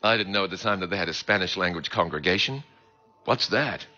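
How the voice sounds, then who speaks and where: A man with a New Zealand accent, a preacher telling his conversion story in an animated storytelling manner. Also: low voice, brisk. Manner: animated, swings between hushed and loud. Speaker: preacher giving his testimony. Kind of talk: sermon storytelling. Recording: dull lo-fi recording.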